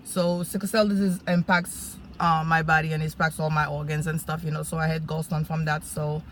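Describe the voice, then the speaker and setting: A woman sharing a personal testimony in casual, animated storytelling, full of fillers and acted-out quotes. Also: low voice, a little fast, a little hiss or hum. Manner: animated, acts out quoted speech, many fillers.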